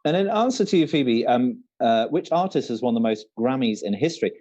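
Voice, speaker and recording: A man's voice: mid-range voice, expressive, brisk, hardly any pauses, darkish tone, highs cut off. A man from Shropshire co-hosting a casual online quiz over a video call, hesitant and playful, with lots of ums. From Shropshire, England. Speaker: quiz co-host.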